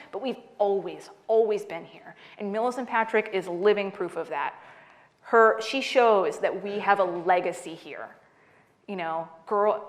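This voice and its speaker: Lively woman author telling stories. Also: mid-range voice. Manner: lively storyteller, laughs a lot, acts out dialogue. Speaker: author giving a library talk. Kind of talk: talk and audience Q&A.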